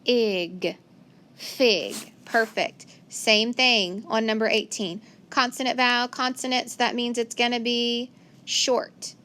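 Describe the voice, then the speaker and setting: A woman's voice: on the high side, little pitch movement, a little slow, pushed and bright, smooth. A woman teaching a phonics lesson to young children, patiently sounding out letters and words and praising each answer.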